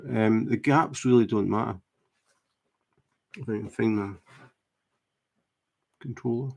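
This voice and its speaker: A man chatting casually while he works on a craft project, explaining tips in a relaxed way with fillers and restarts. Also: medium pitch, vocal fry. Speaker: diamond painting livestreamer.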